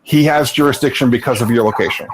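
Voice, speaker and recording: A man's voice: medium pitch, quick pace, noisy background. Man coaching over voice chat. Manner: explanatory, repeats and restarts words. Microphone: online voice chat mic.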